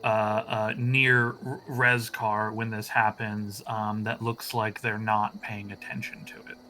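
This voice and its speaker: A man playing a tabletop game, halting with many ums and uhs as he describes his character's actions. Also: fairly low pitch, flat delivery, sharp tone, slight background noise. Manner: hesitant, lots of ums and uhs. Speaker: player.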